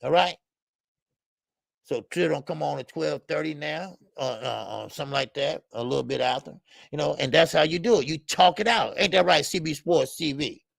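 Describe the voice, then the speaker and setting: Gravelly-voiced man hosting a boxing show. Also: fairly high pitch, normal speed, no room sound, clean studio sound. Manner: animated and emphatic, street slang, many fillers; chats with live viewers. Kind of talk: casual live-stream talk.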